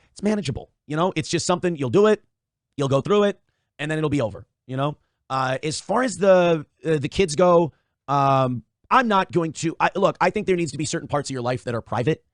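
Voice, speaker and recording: A man's voice: on the high side, no room sound, studio quality. A man hosting a casual livestream, reading out viewer donations and rambling in a profane, self-interrupting way. He is a father of young kids. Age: adult father of young children. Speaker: livestream host.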